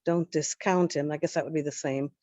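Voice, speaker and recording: Woman pronunciation teacher, careful and precise, low voice, dry lo-fi call sound. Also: fairly even intonation, mellow, dry recording. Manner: careful, slowly contrasts word pairs. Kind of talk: explaining pronunciation. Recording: dry, dull lo-fi call audio.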